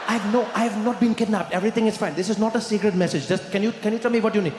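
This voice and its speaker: A man doing a strained, high disguised voice on a phone call, hurried and evasive. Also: a little mellow, close to an everyday voice. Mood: flustered. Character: man faking a strange high voice on the phone, flustered. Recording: echoey hall with crowd noise.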